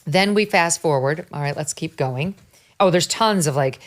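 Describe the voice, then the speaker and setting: A woman's voice: deep voice, moderate pace. A middle-aged woman hosting a talk show, reading documents aloud and breaking off for pointed, incredulous asides. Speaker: show host.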